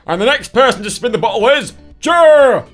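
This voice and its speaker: A man voicing a bubbly, bossy young woman who runs the party game in a cheery, shouty way. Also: a little high, lively intonation, moderate pace, faint music behind, pitched above the performer's own voice.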